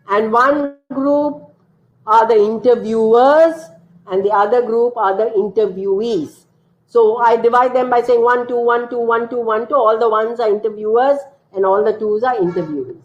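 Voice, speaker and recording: Woman teacher trainer, measured and deliberate delivery; roomy, muffled lo-fi audio. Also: on the high side. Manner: slow, deliberate explaining with acted classroom drills. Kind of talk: online teacher-training session. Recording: roomy, dull lo-fi online session audio.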